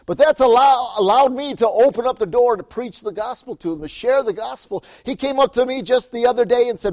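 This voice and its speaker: Lively preacher man telling stories. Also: sits high, brisk. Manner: lively, laughs often, calls for amens. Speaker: missionary preacher. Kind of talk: sermon storytelling.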